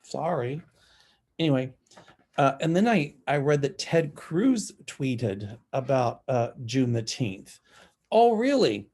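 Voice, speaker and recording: A Southern psychic with a Southern American accent talks through his predictions in a casual, opinionated monologue, chatty and scornful and full of ums. His mid-range voice is expressive and slow-paced, with a darkish tone.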